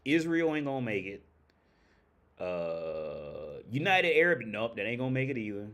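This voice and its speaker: A man's voice: lowish voice, very animated, normal speed, fairly bright tone. Blunt, profane male livestream host. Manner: blunt, profane, rambling with restarts and laughs. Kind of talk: casual livestream commentary.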